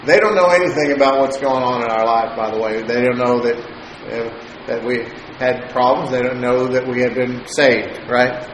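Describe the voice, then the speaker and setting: A man telling a personal story in a sermon, chatty and halting, chuckling often. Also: mid-range voice, steady tone. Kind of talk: sermon testimony. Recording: roomy echo, faint noise.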